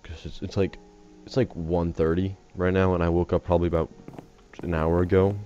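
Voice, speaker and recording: Faint music plays behind a just-woken, tired gaming host from the USA whose voice sits low, with a warm tone and flat delivery, a little fast. He jokes and rambles through casual game commentary, getting distracted easily, on dull lo-fi audio with a faint hiss.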